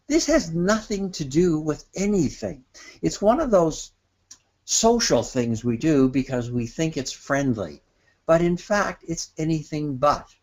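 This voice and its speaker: A man giving an instructional webinar in a lively, conversational way, acting out little quoted exchanges. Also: moderate pace. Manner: animated, acts out quoted trade-show exchanges in a higher voice. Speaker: webinar presenter. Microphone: webinar microphone.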